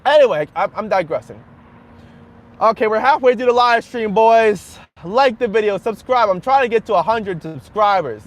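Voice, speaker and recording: A man's voice: sits high, expressive, moderate pace. A man live-streaming from his car as he drives, chatting casually in a rambling way and laughing often. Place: in a car while driving.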